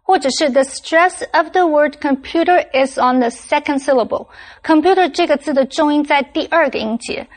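A woman teaching English vocabulary, giving clear, steady explanations with example sentences. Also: high voice. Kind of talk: scripted vocabulary lesson.

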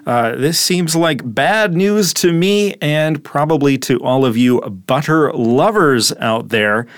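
A man's voice: a little high, animated, slow, no room sound, studio quality. Man explaining English words with fillers. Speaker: English teacher co-host. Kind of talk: casual explanatory lesson chat. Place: studio in Taipei.

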